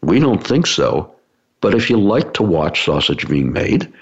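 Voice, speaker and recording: Low gravelly man explaining with analogies. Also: very animated, measured pace. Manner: explanatory, uses everyday analogies, frequent fillers. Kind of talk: talk to business audience. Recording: dull lo-fi recording.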